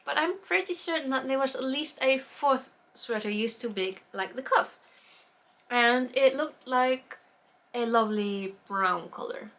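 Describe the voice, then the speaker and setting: A woman's voice: sits high, a bit bright. A woman chatting casually about knitting projects, rambling, losing her words and trailing off with fillers. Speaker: knitting vlogger.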